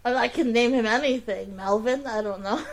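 A woman's voice: fairly high pitch, lively intonation, moderate pace. A woman co-hosting a casual film podcast, who gets set off laughing easily. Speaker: podcast co-host.

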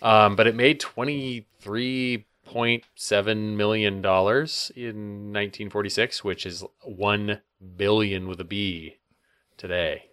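Podcast co-host, man, deeper voice, easygoing asides, dry close mic. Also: fairly even intonation, slow, fairly bright tone, clean tone, no room sound. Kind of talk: casual film discussion.

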